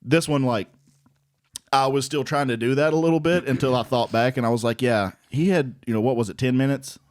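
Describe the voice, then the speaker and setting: Animated swearing man telling stories. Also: medium pitch, a little fast, no echo, clean studio sound. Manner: animated storytelling, swears freely, laughs often. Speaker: aspiring comedian, co-host. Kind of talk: casual podcast chat.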